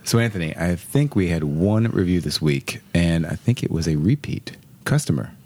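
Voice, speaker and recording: A man's voice: deep voice, expressive, moderate pace, darkish tone. A man hosting a casual podcast, laid-back as he steers the conversation. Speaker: podcast host.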